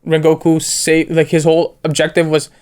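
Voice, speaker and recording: Young male co-host, smooth and slightly high voice, laid-back casual chat with lots of fillers. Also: monotone, normal speed, darkish tone. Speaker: co-host of an anime review show.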